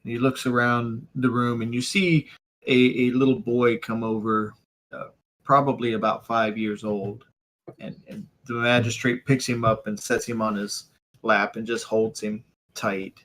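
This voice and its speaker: A man narrating as game master of a tabletop game, hesitant with many pauses. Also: medium pitch, flat delivery, fairly bright tone, rough recording. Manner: hesitant, full of ums.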